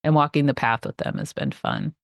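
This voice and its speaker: A woman's voice: rumbling low, wildly swooping pitch, fairly quick, creaky, no room sound, clean studio sound. A middle-aged woman, a life coach guest, talking enthusiastically and a bit rambling about clients facing change. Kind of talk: casual interview chat.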